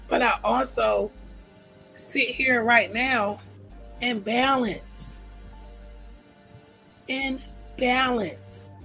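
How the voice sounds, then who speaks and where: A woman's voice: on the high side, gravelly, pushed and bright, rough recording. A middle-aged woman talking heartfelt and earnest on her own livestream, repeating phrases for emphasis. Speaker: livestream host. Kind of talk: emotional personal livestream talk.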